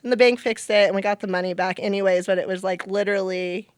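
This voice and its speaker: A middle-aged woman, a nonprofit founder, telling stories in an interview and acting out what people said with lively jumps in her voice. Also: fast, smooth, no echo, clean studio sound. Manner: animated, acts out quotes with big pitch jumps. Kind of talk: conversational storytelling.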